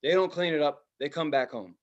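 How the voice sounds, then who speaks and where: A man co-hosting a podcast, telling stories in casual chat, swearing freely and loudly imitating the people in them. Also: fairly high pitch, brisk, muffled recording. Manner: animated storyteller, mimics others loudly, swears freely. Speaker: podcast co-host.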